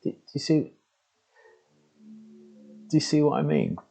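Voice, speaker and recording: A man giving a reflective spoken talk to his laptop at home, halting and conversational with frequent restarts. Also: fairly high pitch, very animated, vocal fry, mellow, slightly rough. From England. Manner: halting and conversational, with many restarts and "you know". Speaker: spiritual teacher. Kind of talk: reflective spoken monologue to camera. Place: room at home with the door open. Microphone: laptop microphone.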